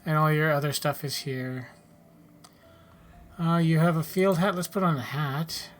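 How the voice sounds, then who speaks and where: A man's voice: on the high side, unhurried, faint music behind. A man casually commenting on his own video game play, wry and offhand, often muttering asides under his breath. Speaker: gaming YouTuber.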